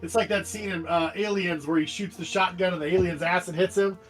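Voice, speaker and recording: A man narrating a tabletop game as game master, animated and jokey, describing the action vividly. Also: sits high, a little fast. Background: faint background music.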